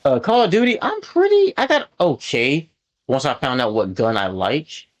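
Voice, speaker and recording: A man chatting casually while he plays, his voice sitting at an ordinary middle pitch. He rambles, fills gaps with ums and likes, and gets louder and more animated whenever something annoys him. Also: moderate pace. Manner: rambling, filler-heavy, animated when annoyed. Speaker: gaming channel host. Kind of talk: casual gameplay commentary.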